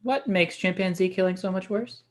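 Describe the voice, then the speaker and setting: A young man playing a deadpan, pedantic rambler. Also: sits high, normal speed, close to an everyday voice. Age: young adult. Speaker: actor in a student comedy sketch. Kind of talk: stage comedy dialogue.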